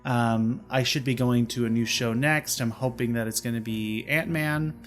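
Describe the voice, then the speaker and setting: A man's voice: mid-range voice, fairly even intonation, moderate pace, soft background music. A young man co-hosting a podcast, chatting casually and teasing, with lots of fillers. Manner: joking, teasing, full of fillers. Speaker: podcast co-host. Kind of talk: casual chat.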